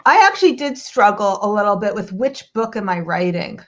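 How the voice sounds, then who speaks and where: A woman's voice: mid-range voice, very animated. A woman hosting a podcast interview in a casual, playful, teasing way. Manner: playful, teasing, quick asides. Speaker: podcast host. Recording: slightly dull, lo-fi audio.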